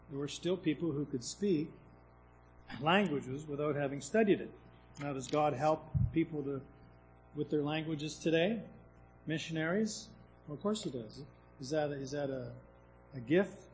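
A man's voice: on the high side, poor audio. A man delivers a sermon in a slightly raised voice. He teaches scripture conversationally, posing rhetorical questions and often restarting his sentences. A faint hum sits behind the recording. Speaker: preacher.

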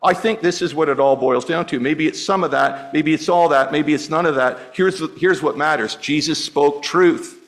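A man's voice: a little high, normal speed, few pauses, a bit bright, poor audio. A middle-aged man preaching a sermon as pastor, conversational and often repeating words as he restarts.

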